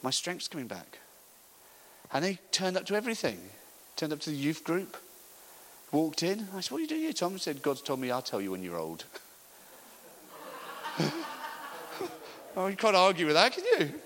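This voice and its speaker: A middle-aged man telling an animated story in a sermon, acting out the voices of the people in it. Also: fairly high pitch, normal speed, pauses often, slight background noise, rough recording. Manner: animated storytelling, acts out voices, laughs often. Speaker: preacher. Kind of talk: sermon anecdote.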